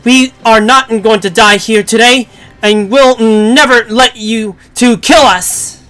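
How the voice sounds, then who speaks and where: A determined young hero, read by a streamer on stream, refusing to back down in a steady, unhurried voice. The tone is bright, and soft music plays beneath it. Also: medium pitch. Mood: defiant. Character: resolute young hero defying the gods. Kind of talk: reading a game script aloud on stream.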